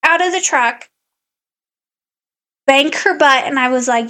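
A woman's voice: sits high, takes it slowly, long pauses, sharp tone. A woman podcast co-host in casual chat, animatedly telling a story and acting out her own quotes.

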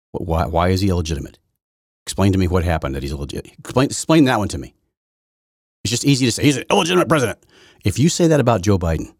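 A man's voice: low-pitched, a little mellow, no echo, clean studio sound. A middle-aged man hosting an opinion podcast, talking in a sarcastic, mocking way with many repeats and restarts. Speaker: podcast host. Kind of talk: opinion commentary monologue.

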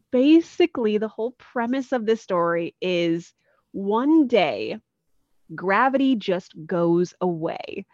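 A woman with a medium-pitched voice casually retells a comic book story on a podcast, animated and energetic, and she acts out what the characters say. The recording is dry and lo-fi.

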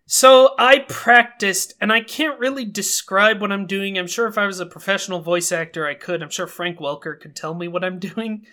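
A young man co-hosting a podcast in casual chat, talkative and quick to laugh at himself. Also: high-pitched, sharp tone. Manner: chatty, self-amused, laughs often. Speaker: podcast co-host.

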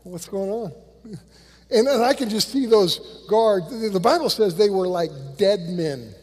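A male pastor preaching a sermon, animated and conversational, swinging from loud bursts to hushed lines and acting out quotes in a church. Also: sits high, moderate pace, long reverb tail. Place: church sanctuary.

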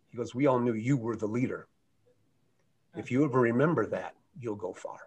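Husky-voiced American man telling a story. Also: medium pitch, normal speed, pauses often. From United States. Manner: earnest, animated anecdote with shifting loudness. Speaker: guest speaker. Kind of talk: motivational storytelling.

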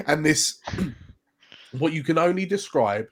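A man's voice: fairly high pitch, expressive, takes it slowly. A man narrating a tabletop game as game master, hesitant, with many fillers and restarts.

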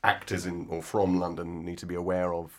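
A male interviewer with a very low voice asks long, winding questions. He pauses and adds fillers as he builds each one. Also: monotone, a bit bright. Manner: hesitant, filler-laden questioning.

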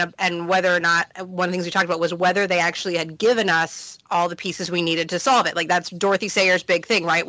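A woman podcast co-host talks in a hesitant way, full of pauses and fillers as she works out her thoughts. Her voice is bright and clear, recorded close and dry. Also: on the low side, no room sound, poor audio. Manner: hesitant, thinking aloud. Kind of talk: casual discussion.

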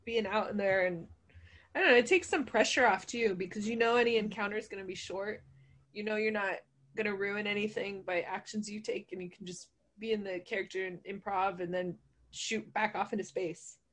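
A woman's voice: mid-range voice, steady tone, a little fast, a bit bright. A woman co-hosting a podcast, chatting eagerly about playing the game and often checking for agreement. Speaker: podcast co-host and player. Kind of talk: casual chat.

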